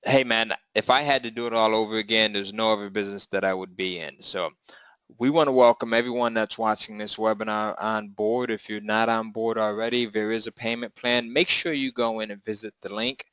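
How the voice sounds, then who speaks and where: A man from the US East Coast hosting a webinar, upbeat and reassuring as he wraps up a sales pitch. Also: fairly even intonation, brisk, fairly bright tone, smooth, dry recording, poor audio. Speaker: webinar host.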